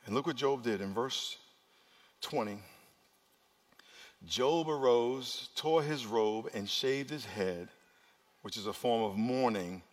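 A man preaching a sermon as pastor, swinging between loud urgent passages and quiet, hushed ones. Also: medium pitch, takes it slowly, pauses often. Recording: long reverb of a large hall.

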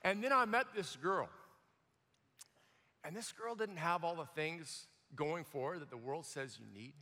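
A middle-aged man preaching a sermon, telling his story with animated acted-out quotes and stammering restarts. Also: on the high side, a little slow. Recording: long hall reverb.

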